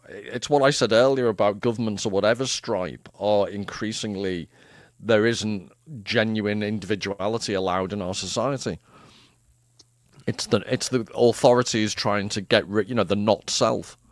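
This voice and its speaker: Man, lowish voice, dry close sound, wry podcast host. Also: moderate pace, no room sound. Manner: wry, self-mocking, steers talk back to the book. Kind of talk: casual discussion podcast. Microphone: remote video call.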